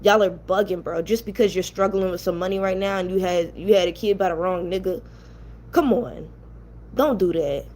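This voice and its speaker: A woman's voice: fairly low pitch, moderate pace, a little mellow, slight background noise. Heated, blunt young New woman. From New York. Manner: blunt, ranting, profane. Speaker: commentary channel host. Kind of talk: heated casual commentary.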